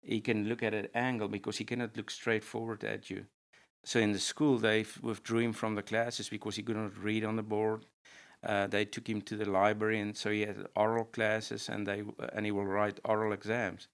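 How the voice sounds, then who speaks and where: Low, flat-voiced middle-aged man. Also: moderate pace. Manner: steady, matter-of-fact recounting. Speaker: guest sharing a testimony. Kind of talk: storytelling testimony.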